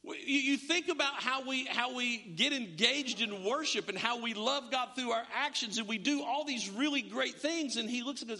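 A man's voice: very high-pitched, moderate pace, hardly any pauses, pushed and bright. A male pastor giving a conversational sermon in a church, full of stammering restarts and joking asides. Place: church sanctuary. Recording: long church reverb.

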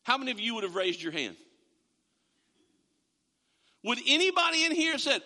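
A man preaching a sermon in a church, in a conversational, animated storytelling way. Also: extremely high pitch, normal speed, pauses often. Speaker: pastor. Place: church sanctuary. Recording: long reverb of a large hall.

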